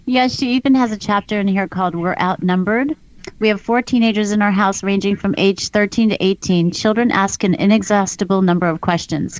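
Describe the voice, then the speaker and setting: A woman's voice: medium pitch, no echo, muffled recording. A middle-aged woman hosting a talk show, reading aloud with amusement in casual chat.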